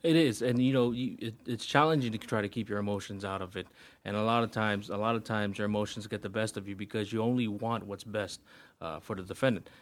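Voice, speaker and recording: A man working as a pretrial officer, answering interview questions hesitantly with many pauses. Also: fairly low pitch, steady tone. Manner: hesitant, many fillers and restarts.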